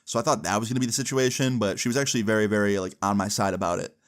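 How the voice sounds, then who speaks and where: A man's voice: fairly low pitch, steady tone, racing. A young man recounting a personal story in a chatty storytime style, full of "like" and "you know" fillers. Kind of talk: casual storytime.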